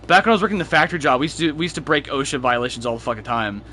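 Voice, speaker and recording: Bright-voiced young man telling profane stories. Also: mid-range voice, expressive, racing, a little hiss or hum. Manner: profane storytelling, laughs often. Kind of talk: casual gaming chat.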